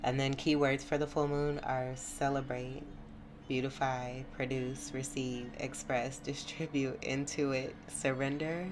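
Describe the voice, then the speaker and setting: A woman's voice: a bass voice, level tone, measured pace. A woman giving a spiritual tarot reading to her viewers, effusive, exclamatory and encouraging. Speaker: tarot reader. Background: music.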